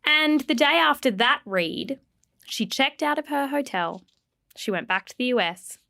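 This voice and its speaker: A woman's voice: high voice, animated, a little slow, bright, forceful tone, dry recording, clean studio sound. A woman hosting a podcast, playfully retelling celebrity gossip in casual chat. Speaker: podcast host.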